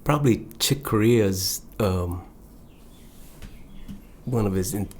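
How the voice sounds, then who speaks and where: A man speaking as a musician guest in a casual interview, soft-spoken and hesitant, often trailing off. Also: fairly low pitch, takes it slowly. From Hawaii.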